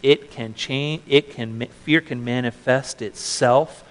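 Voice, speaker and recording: A man preaching a sermon as a pastor, earnest, with frequent restarts, swinging between loud emphasis and hushed asides. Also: mid-range voice, measured pace, big-room sound, low-quality recording.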